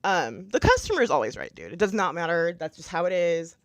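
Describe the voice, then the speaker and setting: A woman's voice: lowish voice, big pitch swings, brisk. A young woman chatting casually into her camera, telling a long story with many fillers and restarts. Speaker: YouTuber. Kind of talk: casual storytelling while doing makeup.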